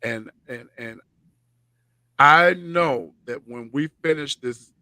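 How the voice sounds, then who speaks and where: Slow, soft-spoken male talk-show host. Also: mid-range voice, dry recording. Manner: slow and personal, soft-spoken with gentle laughs. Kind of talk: reflective talk-show chat.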